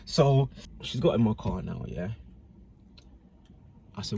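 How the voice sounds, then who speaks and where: A man's voice: on the low side, animated, slow, vocal fry, mellow, husky. A man telling a casual personal story to camera in slangy speech with constant tag questions.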